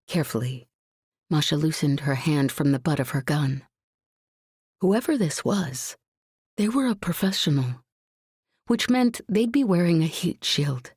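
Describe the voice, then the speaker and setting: A woman narrating a suspenseful science fiction audiobook in a measured, tense reading. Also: deep voice, a little mellow, breathy edge, dry recording, clean studio sound.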